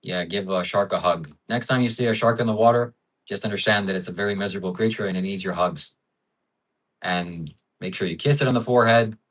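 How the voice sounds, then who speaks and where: A man's voice: on the low side, a little fast, fairly bright tone, far from the mic, low-quality recording. A man hosting a livestream in casual chat, musing and rambling with frequent fillers. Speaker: livestream host.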